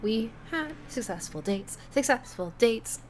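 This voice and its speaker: A woman streaming a video game, commenting in a chatty, self-mocking, excitable way. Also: fairly high pitch, unhurried, a little hiss or hum. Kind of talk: let's-play commentary.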